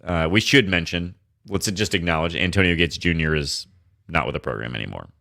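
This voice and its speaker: Low-voiced man in casual sports chat. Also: brisk, vocal fry, bright, forceful tone. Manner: laid-back, profane, rambling with restarts. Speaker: podcast co-host.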